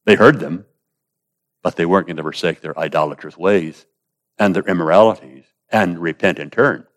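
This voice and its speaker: A man preaching a sermon, quoting scripture in old-style wording and swinging between raised emphasis and hushed asides. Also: sits low, normal speed.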